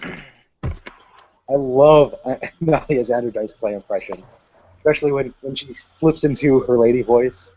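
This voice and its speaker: A man's voice: mid-range voice, a little slow, pauses often, warm tone, a little hiss or hum. A man chatting eagerly and enthusiastically. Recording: slightly dull audio.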